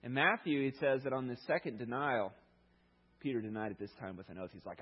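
A male pastor preaching a sermon in a conversational, animated storytelling manner, heard through a dull, lo-fi recording. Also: medium pitch, brisk, breathy edge.

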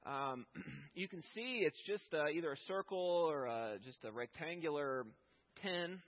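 A man preaching a conversational sermon, rising in pitch and force as he makes his points. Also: measured pace, muffled recording. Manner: conversational preaching, rising with emphasis when voicing God. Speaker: pastor.

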